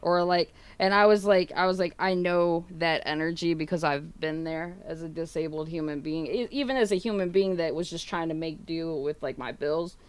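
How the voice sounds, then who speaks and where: A streamer with a low, smooth voice talks to her viewers at a moderate pace, barely pausing. She tells a meandering story laced with fillers and casual swearing, acting out what other people said in quoted dialogue.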